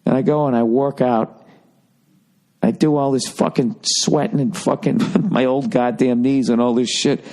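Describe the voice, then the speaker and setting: A middle-of-the-road male voice, neither high nor low, rambling through a casual comic rant. He swears constantly, runs himself down and restarts his sentences as he goes. A podcast host in his forties, talking loosely to the mic. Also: moderate pace, darkish tone. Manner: profane, self-deprecating storytelling.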